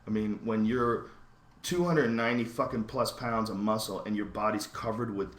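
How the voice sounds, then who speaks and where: Podcast host, male, low voice, hard-swearing and emphatic, recorded in a roomy space with faint background ambience. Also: normal speed. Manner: intense, profane, emphatic, swings between shouting and low asides. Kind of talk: profane animated podcast rant.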